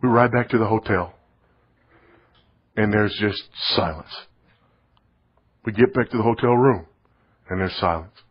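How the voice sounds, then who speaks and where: A middle-aged man preaching, telling a story in a sermon, swinging from loud to hushed. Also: on the low side, measured pace, long pauses, breathy edge. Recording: dull lo-fi recording.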